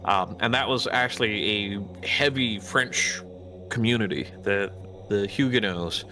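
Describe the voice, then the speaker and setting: Slow-talking Midwestern man chatting. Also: fairly low pitch, pushed and bright, soft background music. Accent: American Midwestern. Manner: rambling, hesitant, with many restarts. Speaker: podcast guest. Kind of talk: casual chat.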